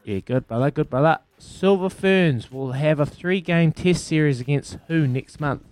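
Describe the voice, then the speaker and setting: A man's voice: fairly high pitch, normal speed, a little mellow, clean tone, no room sound, soft background music. A man hosting a breakfast radio quiz, brash and playful, calling callers mate and brother.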